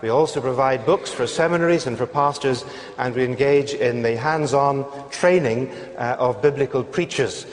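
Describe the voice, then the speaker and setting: A man with a Northern Irish accent, a guest preacher giving a sermon in a gracious, measured way with frequent fillers. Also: medium pitch. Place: large church sanctuary. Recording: church sound with long reverb.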